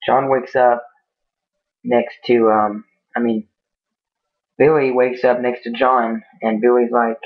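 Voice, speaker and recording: A man's voice: medium pitch, flat delivery, slow, long pauses. A man telling an improvised scary story in a rambling way, with many fillers and restarts. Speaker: amateur storyteller. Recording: tinny phone-like lo-fi audio.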